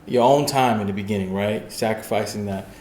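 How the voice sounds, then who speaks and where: A podcast host asks follow-ups in a loose, chatty way, cheering the guest on with quick reactions. The voice is mid-pitched. The recording has a noticeably roomy echo around it. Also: a little hiss or hum. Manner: encouraging, backchannels, excited follow-ups. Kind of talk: casual interview chat.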